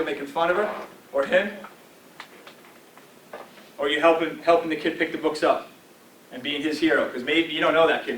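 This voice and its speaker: A forties-aged guest speaker motivates a football team in a coaching tone, frequently asking "all right?". His fairly high, fairly bright voice is recorded from a distance in the team meeting room, with roomy echo and slight background noise.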